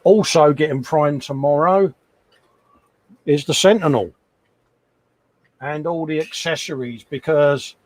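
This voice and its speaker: A man's voice: a little high, takes it slowly, pauses often, dry recording. A middle-aged man hosting a casual live chat from his hobby workshop, chatty and self-mocking, often laughing at himself. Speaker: livestream host. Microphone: desk microphone.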